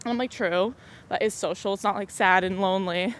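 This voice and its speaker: Young female podcast host, chatty and loose, mid pitch, recorded outdoors on a phone with faint road noise. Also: steady tone, fairly quick. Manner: chatty, rambling, laughs often. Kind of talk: casual solo chat. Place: outdoors on a muddy walk. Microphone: phone in pocket.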